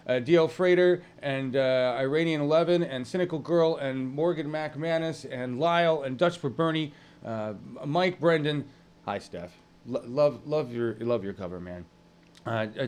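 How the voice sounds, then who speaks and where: A man hosting an online news stream in casual live talk, rambling and halting with many fillers as he greets viewers from the chat. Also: medium pitch.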